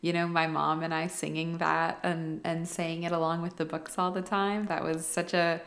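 A woman's voice: low voice, little pitch movement, normal speed, gravelly, a bit bright. A woman co-hosting a book podcast, chatting with a nostalgic manner and many fillers. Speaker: podcast co-host. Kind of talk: casual book chat.

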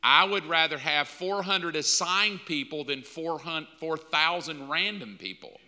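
A man's voice: fairly high pitch, a little slow, pushed and bright. A man preaching a sermon as pastor in a conversational style, acting out bits of dialogue. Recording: long hall reverb.

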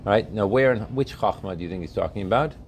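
A man's voice: fairly low pitch, animated, fast talker, a little hiss or hum. A man teaching a religious text class, often asking his students questions and checking that they follow.

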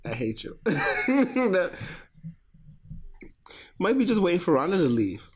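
A man's voice: high-pitched, big pitch swings, slow, husky. A man co-hosting a casual chat in a laid-back, teasing way, laughing often.

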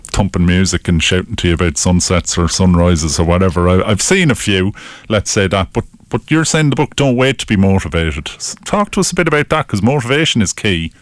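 A man's voice: sits low, lively intonation, brisk, no room sound. A man hosting a radio interview, chatty and joking as he puts open questions to his guest. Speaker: radio host.

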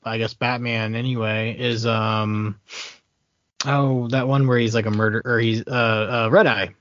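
A man's voice: mid-range voice, level tone, measured pace, fairly bright tone, no echo. A man from the American Midwest with a Midwestern accent, chatting casually and hesitantly, with many fillers and restarts. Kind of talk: casual movie chat. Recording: dry, dull lo-fi sound.

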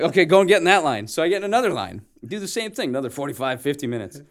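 A man in his forties from Canada, a guest telling an animated story of his start as an actor and acting out the dialogue as he goes. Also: medium pitch, fast talker, few pauses. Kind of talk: casual storytelling interview.

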